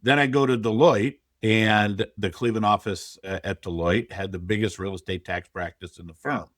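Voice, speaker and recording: With a lowish voice and fairly even intonation at normal speed, a middle-aged man shares his story frankly as a podcast guest. He's a real estate investor, quoting his past thinking in a conversational interview. The sound is clean studio quality without echo.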